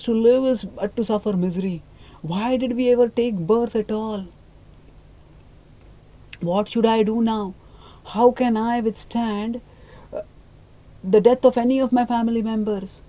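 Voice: mid-range voice, mellow, pitched above the performer's own voice, natural voice. A grieving priestly father laments life's misery, voice raised and strained with despair. A storyteller acts him out in a spoken retelling. He piles up anguished questions.

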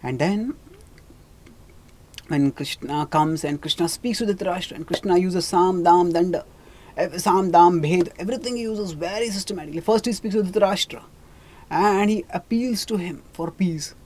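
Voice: medium pitch, darkish tone. A spiritual teacher retelling a scripture story in a sermon, often stumbling over names and restarting phrases. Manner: halting, with many restarts and asides.

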